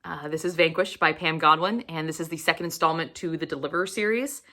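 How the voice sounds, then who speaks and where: A woman book vlogger chatting casually and gushing about what she is reading, animated and cursing freely. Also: low-pitched, quick pace. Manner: gushing and animated, with frequent swearing. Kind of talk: casual book review chat.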